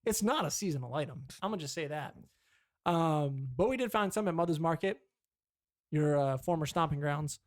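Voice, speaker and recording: Young man, podcast co-host, slightly high voice, dry close sound, rambling and swearing. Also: lively intonation, moderate pace, no echo. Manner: rambling storyteller, swears, mimics his dad. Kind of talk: casual chat.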